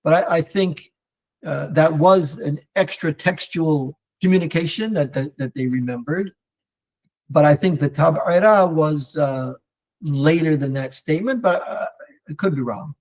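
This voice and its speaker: Man, Torah teacher, online class, lively rambling delivery, restarts and fillers, Hebrew terms, fairly high voice. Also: unhurried. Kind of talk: animated live online lecture answering viewer comments.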